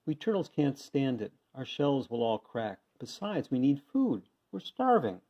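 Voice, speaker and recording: Meek weary little turtle, man doing the voice, begging softly, muffled recording. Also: medium pitch, animated, measured pace. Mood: pleading. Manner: pleading, groaning. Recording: dull lo-fi sound.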